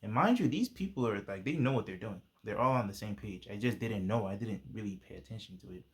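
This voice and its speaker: A man's voice: on the low side, animated, fast talker. A young man casually telling a personal testimony, using laid-back slang and plenty of fillers. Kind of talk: casual storytelling.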